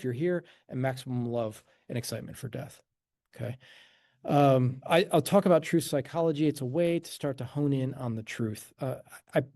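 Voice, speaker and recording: A man's voice: medium pitch, warm tone, no room sound, clean studio sound. A man leading an informal talk on a self-help method for an online audience, loose and conversational, with frequent asides and chuckles. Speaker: host and teacher of a letting-go method.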